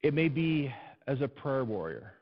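A male preacher giving an animated, storytelling sermon and addressing his congregation in a church. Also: medium pitch, normal speed, slightly rough. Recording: dull, muffled recording.

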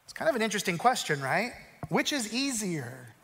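High-voiced preacher in a reverberant hall. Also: male voice, big pitch swings. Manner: swings from loud, quick storytelling to slow, hushed emphasis. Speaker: pastor. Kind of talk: sermon.

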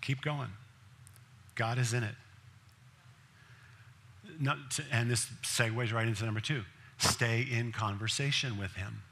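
Bright-voiced male pastor preaching. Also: mid-range voice, a little slow, pauses often, slight background noise. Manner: conversational, asks the congregation direct questions. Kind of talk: sermon.

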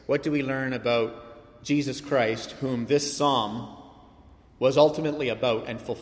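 A man's voice: medium pitch, steady tone, unhurried. Earnest man preaching in a reverberant hall. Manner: earnest preaching, building to emphatic peaks, rhetorical questions. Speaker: pastor. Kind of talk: sermon.

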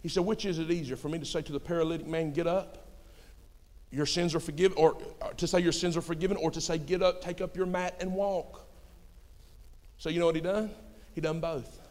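A man preaching a sermon with folksy turns of phrase, swinging between shouting and hushed storytelling. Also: fairly high pitch, fairly even intonation, a little fast. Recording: long hall reverb.

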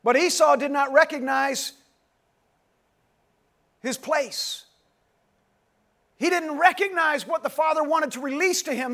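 High voiced preacher man, keeps asking the crowd the same question, calls folks by name. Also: unhurried, long pauses, bright, forceful tone. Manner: call-and-response, repeats questions, calls out listeners by name. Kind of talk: sermon. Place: dim church hall, live congregation.

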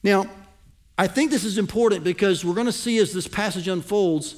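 A man's voice: high voice, darkish tone. A man preaching a sermon as pastor, teaching a passage step by step and checking that the congregation follows. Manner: slows down and lands key phrases with emphasis.

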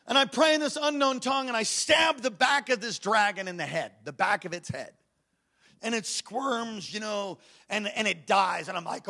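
A man, a pastor, preaching a sermon in church to a congregation, moving between rousing, shouted exhortations and hushed storytelling, and calling on the crowd to respond. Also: very high-pitched. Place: church service before a congregation.

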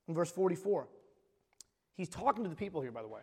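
A pastor with a high voice preaches a sermon, speaking emphatically and restarting phrases as he reads scripture. His voice rings out with a long reverb in a church hall. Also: big pitch swings, fast talker, pauses often, darkish tone, slightly rough.

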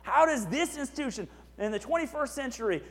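A man's voice: very high-pitched, expressive, a little fast, creaky, fairly bright tone, in a large hall. A man preaching a sermon as a pastor, conversational, with frequent asides and "right?".

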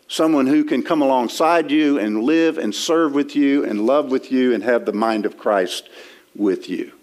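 Quoting and unpacking scripture, a man preaches an expository sermon in a church sanctuary, conversational and frequently restarting. His voice is medium in pitch with a darkish tone.

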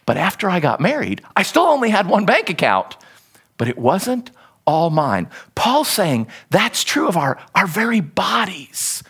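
A middle-aged man delivers a sermon in a lively, conversational style. His voice sits high for a man and swings widely up and down as he acts out quotes and explains the text. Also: unhurried, slightly rough. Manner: animated, conversational preaching with acted quotes. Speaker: pastor.

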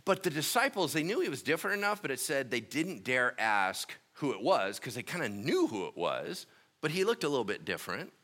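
A man preaching a sermon in a relaxed, conversational way, reading scripture and retelling stories with lively asides. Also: medium pitch, brisk. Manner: conversational and animated, acting out scenes. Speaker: pastor.

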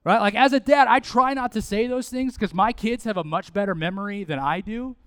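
High-voiced animated male preacher. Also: fairly quick, clean tone, no room sound. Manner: conversational, animated preaching with asides and repetition. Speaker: pastor. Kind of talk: sermon.

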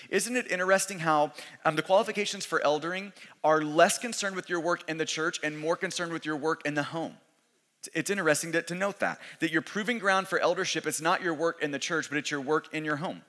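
A man's voice: a little high, a little fast, pushed and bright. A man, a pastor, preaching a sermon in a conversational way, often repeating and restarting his words. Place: church sanctuary. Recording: long church hall reverb.

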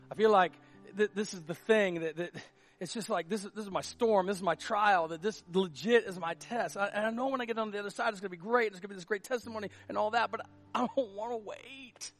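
A man preaching a sermon as pastor, impassioned and confessional, swinging between loud urgency and hushed admission. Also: high-pitched.

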